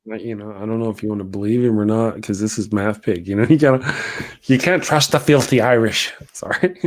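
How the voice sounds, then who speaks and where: A man's voice: fairly low pitch, fast talker, a little mellow. A man hosting a casual livestream talk show, rambling and joking with frequent chuckles. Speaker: livestream host.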